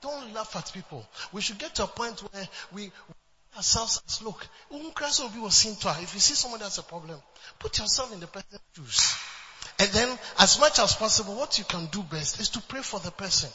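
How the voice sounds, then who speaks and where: A man's voice: high voice, expressive, moderate pace, pushed and bright, big-room sound, dull audio. A man preaching a sermon as pastor, emphatic, with repeated refrains and bursts of laughter.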